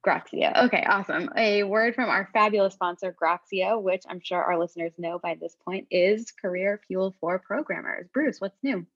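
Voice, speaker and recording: A woman's voice: mid-range voice, normal speed, few pauses, fairly bright tone, dull audio. A woman hosting a podcast, introducing the panel and guest in an upbeat, enthusiastic way. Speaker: podcast host. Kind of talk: casual podcast chat.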